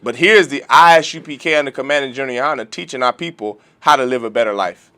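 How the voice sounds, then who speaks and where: Bright-voiced man preaching emphatically. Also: mid-range voice, quick pace. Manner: emphatic, rhetorical questions, repeats himself. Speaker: religious class teacher. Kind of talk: lecture-style sermon.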